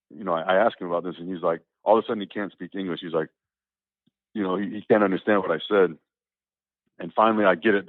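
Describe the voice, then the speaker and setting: A man telling a personal story as an interview guest, animated and acting out the dialogue as he goes. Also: low voice, no room sound. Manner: animated, acts out quoted dialogue, repeats words. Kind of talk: casual spoken storytelling. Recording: tinny, phone-like, dry.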